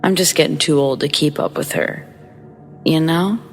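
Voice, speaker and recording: A woman voicing a creepy, smug older male neighbor who talks calmly and sarcastically. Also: low-pitched, moderate pace, faint music behind. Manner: calm and sarcastic.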